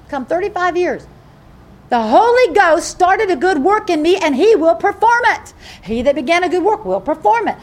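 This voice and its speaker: A woman preaching a sermon in an animated, emphatic way, often repeating her phrases. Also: high-pitched.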